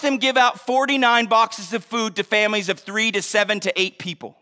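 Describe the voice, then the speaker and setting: A man preaching a sermon as pastor, in an energetic, conversational way with joking asides. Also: high-pitched, fairly quick, few pauses, in a large hall.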